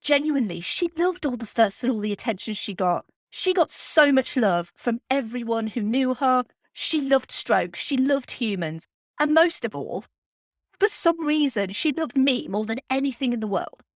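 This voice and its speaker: A woman hosts her podcast, fighting back tears as she speaks earnestly and heartfelt, pausing often. Her voice sits a touch high, recorded close on the mic in a dry, dead room. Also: expressive, dry recording. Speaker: film podcast host. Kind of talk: heartfelt spoken podcast tribute.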